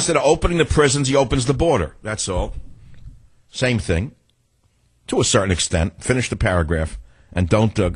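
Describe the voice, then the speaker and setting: Older male talk radio host, sarcastic and combative, low husky voice, very animated pitch. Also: no room sound. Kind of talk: political talk radio monologue.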